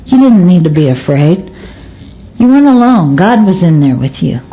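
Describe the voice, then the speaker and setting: A woman voicing a gentle father comforting his son in a story she tells. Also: on the low side, sing-song, normal speed. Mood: soothing. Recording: tinny phone-like recording.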